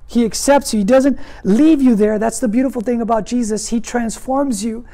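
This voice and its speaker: Earnest mellow-voiced male pastor preaching. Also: extremely high pitch, normal speed. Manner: earnest, emphatic preaching with repetition. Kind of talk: sermon.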